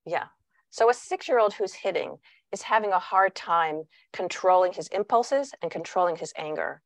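A woman who writes on parenting answers interview questions over a video call, lively, and she acts out the voices she quotes. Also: fairly low pitch, normal speed, creaky, no room sound, clean studio sound. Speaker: parenting author and guest speaker.

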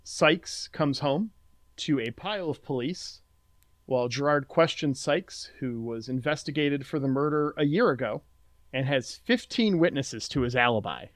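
Male podcast co-host, mid-pitch, plain recap delivery, dry recording. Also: moderate pace, no echo. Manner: reads plot summary in a steady recap, then chats. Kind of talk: casual recap and chat.

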